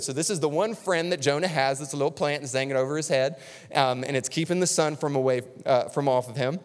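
A man's voice: fairly high pitch, fast talker. A male pastor preaching a sermon in a conversational, emphatic way, repeating key lines for stress. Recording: long reverb of a large hall.

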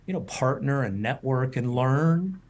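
A man's voice: mid-range voice, lively intonation, unhurried. A middle-aged man, a culinary school president, chatting as an interview guest and telling rambling stories with many restarts. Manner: rambling, repeats words, warm storytelling. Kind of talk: casual interview chat.

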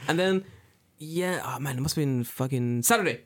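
Profane, animated man telling stories. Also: mid-range voice, moderate pace, no echo. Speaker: podcast co-host. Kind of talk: casual podcast chat.

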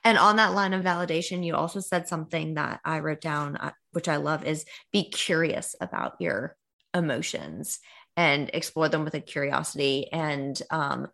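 Low, gravelly woman podcast host. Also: moderate pace. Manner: engaged, warm questioning with fillers. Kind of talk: casual interview chat.

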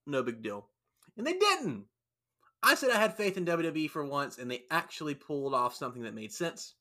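A man hosting a casual podcast chat, telling a story with energy and acting out the lines of the people in it. His voice sits a touch high for a man and has a bright, forceful edge. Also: fairly quick. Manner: animated storyteller, acts out quotes. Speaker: podcast host recapping wrestling.

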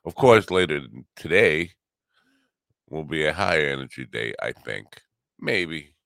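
A man's voice: extremely low pitch, sing-song, takes it slowly, gravelly, a bit bright, clean tone, no echo. A middle-aged man hosting a solo morning chat show, rambling with wry, teasing humor. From US Northeast. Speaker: podcast host.

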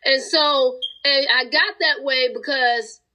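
A woman with a high, pushed, bright voice speaks slowly as she shares her faith testimony on a podcast she hosts. She is fervent and preachy and tearful at times. The low-quality audio was recorded at home.

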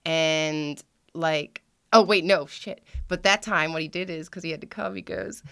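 A woman's voice: low voice, unhurried, gravelly, fairly bright tone, clear, resonant tone. A woman hosting a podcast, telling candid stories in casual chat, laughing often and acting out quotes. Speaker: podcast host.

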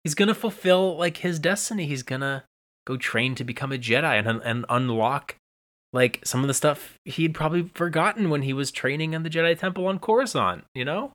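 A podcast co-host in casual fan chat, excitable, laughing often, voice jumping up when enthused. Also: medium pitch, fairly quick.

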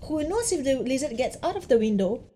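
A woman's voice: high-pitched, sing-song, brisk, mellow, a little hiss or hum. A young woman with a Singaporean accent, co-hosting a casual podcast chat and telling things in a dramatic, exaggerated way. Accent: Singaporean English. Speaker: podcast co-host.

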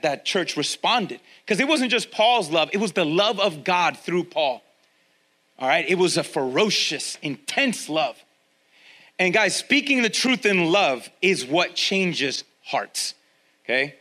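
Male pastor, high bright voice, lively conversational sermon delivery with emphatic repeats, church setting. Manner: energetic, conversational, repeats key lines for emphasis. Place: church with a congregation, also streamed online.

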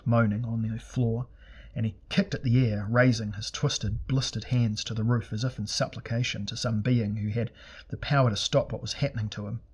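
A male narrator reads a fantasy story in a steady, measured, dramatic style. His voice sits mid-range with a husky texture. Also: medium pitch. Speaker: audiobook narrator.

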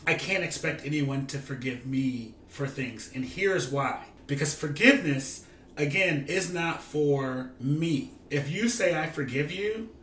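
A man's voice: fairly high pitch, fairly bright tone, recorded from a distance, slight background noise. Earnest man in an echoey room, off-mic. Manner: earnest, reflective explainer who thinks aloud. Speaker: podcast co-host. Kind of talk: casual chat.

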